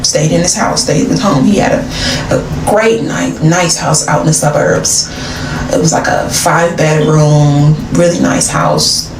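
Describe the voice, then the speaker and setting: Animated woman telling a story in a room. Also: low-pitched, measured pace. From Atlanta, Georgia. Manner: animated, dramatic. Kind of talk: casual storytelling. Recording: roomy, distant, noisy.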